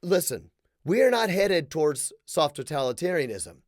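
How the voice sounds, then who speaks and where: A man with a high voice rants sarcastically as a podcast host, hammering his points with emphatic jabs and dropping into low asides. The sound is dry and close, with no room around it. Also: big pitch swings, moderate pace, no room sound. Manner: sarcastic and emphatic, swinging between loud punchlines and low asides. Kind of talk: comedic political rant.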